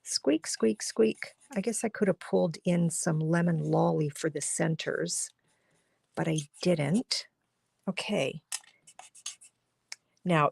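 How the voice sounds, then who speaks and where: This live-streamed craft demonstration features a woman with a lowish voice and vocal fry, recorded with no room sound. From her home studio she chats and explains while coloring cards, her voice failing and often dropping to a murmur.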